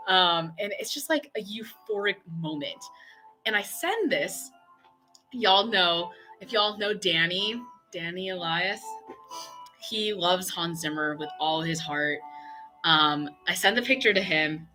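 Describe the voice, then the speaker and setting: A young woman telling a long, excitable story on a painting stream, chatty and full of fillers and quoted dialogue. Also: medium pitch, unhurried, soft background music. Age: young adult.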